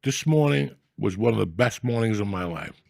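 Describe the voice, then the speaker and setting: A middle-aged man hosting a podcast, talking in a rambling, profane, mock-gruff comic style. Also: on the low side, animated, moderate pace, a little mellow, no echo, clean studio sound. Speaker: podcast host. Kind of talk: casual comedic rant.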